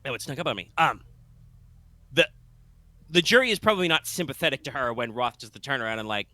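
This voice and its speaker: Bright-voiced rambling game master. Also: male voice, medium pitch, lively intonation, fast, long pauses, no room sound. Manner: rambling, full of fillers and restarts. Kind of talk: narrating a tabletop game.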